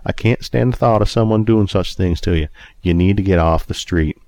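A man's voice: sits low, moderate pace, no echo. A man voicing a caring friend who speaks earnestly. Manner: warm, concerned, earnest. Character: kind middle-aged man, caring friend.

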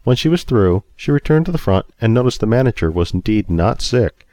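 Brief: male storyteller, low voice, steady reading, dry close sound. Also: a little fast, no room sound. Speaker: narrator. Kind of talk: storybook narration.

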